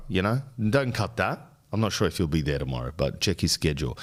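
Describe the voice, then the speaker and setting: Young Australian man hosting a podcast; crude, rambling comic rant, lowish voice. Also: very animated, fairly quick, few pauses. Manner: crude, rambling, mock-outraged. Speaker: podcast host. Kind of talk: casual comedic rant.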